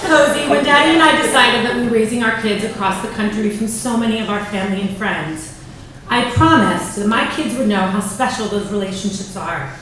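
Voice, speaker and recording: A woman in her forties gives a proud, prepared speech to her daughter, with a fairly high voice. She speaks in a large banquet room, and the sound is very echoey and picked up from a distance. A faint room hum sits underneath. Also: a little fast. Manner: warm, proud, reading from notes. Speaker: mother giving a speech. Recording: echoey hall from far off.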